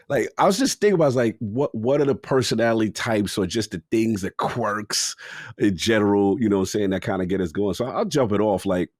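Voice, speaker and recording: Animated low-voiced man on a podcast. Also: no room sound, clean studio sound. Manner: laid-back slang, animated storytelling. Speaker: podcast co-host. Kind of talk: casual podcast chat.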